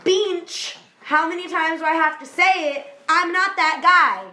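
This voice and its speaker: A woman's voice: medium pitch, a little slow, fairly bright tone, slight background noise. A woman doing a flustered, defensive disciple. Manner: defensive casual slang. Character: flustered disciple man denying everything.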